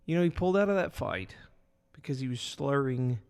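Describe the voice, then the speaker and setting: A man with a gravelly, creaky edge to his voice rambles through a casual podcast chat, piling up fillers as he goes. His voice rings with a long reverb, as if the room is large and echoey. He keeps things animated and loose. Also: mid-range voice, brisk. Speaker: podcast co-host.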